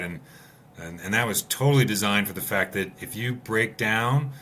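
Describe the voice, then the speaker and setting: A man who races rallies, a podcast guest, telling stories in casual conversation with animated energy. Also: low-pitched, a little hiss or hum. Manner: animated storyteller. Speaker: podcast guest, rally racer.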